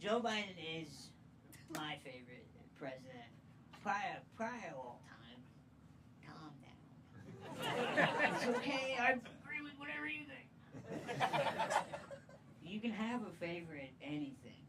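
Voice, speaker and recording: A woman doing a stand-up comedy set, playful and crude, often jumping into loud impressions. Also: on the low side, very animated, measured pace, long pauses. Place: comedy club stage. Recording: distant mic, loud crowd and noise.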